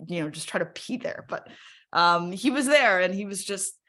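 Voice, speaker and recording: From her home workspace on a video call, a woman tells a live webinar audience a personal story in an expressive, mid-range, fairly bright voice at normal speed. Her manner is candid and chatty, and she often asks "right?" to check in.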